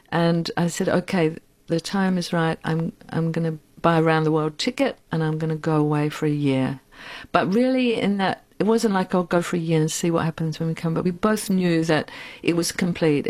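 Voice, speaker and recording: Frank woman in her sixties, low voice. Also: a little mellow. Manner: reflective, frank, unhurried. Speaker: interview guest. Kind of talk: candid personal storytelling.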